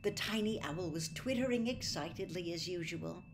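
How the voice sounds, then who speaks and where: A woman reading a storybook aloud in a measured, expressive way. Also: on the low side, noisy background. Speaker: audiobook reader.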